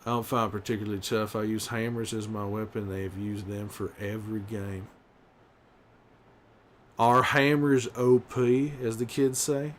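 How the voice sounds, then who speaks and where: A man playing a gruff middle-aged male survivor, bantering and swearing in an in-character livestream. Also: on the low side, flat delivery, a little slow, slight background noise, lightly acted. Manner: gruff, swearing, teasing chat. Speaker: streamer in character.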